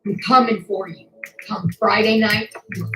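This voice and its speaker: A woman's voice: medium pitch, steady tone, unhurried, pushed and bright, reverberant, a little hiss or hum, low-quality recording. A woman ranting furiously to her channel, swearing and making threats, near tears with anger. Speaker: YouTuber. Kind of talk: angry rant to camera.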